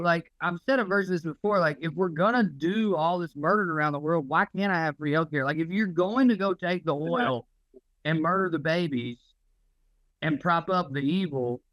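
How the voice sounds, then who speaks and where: A man's voice: fairly high pitch, a bit bright, dry recording, lo-fi sound. A man co-hosting a podcast, ranting in casual, profane chat. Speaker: podcast co-host.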